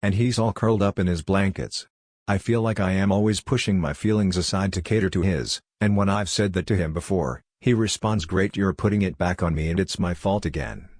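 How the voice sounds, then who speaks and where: A man with a very low voice reads a web post aloud in the first person. His delivery is plain and steady, and the sound is close and dry. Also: brisk, no echo. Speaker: narrator.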